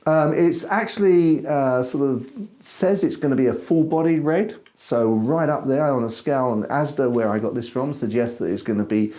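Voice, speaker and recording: A man's voice: mid-range voice, moderate pace, hardly any pauses, mellow. A man hosting a casual wine-tasting chat, friendly and self-mocking, given to flowery phrasing. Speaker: wine show host.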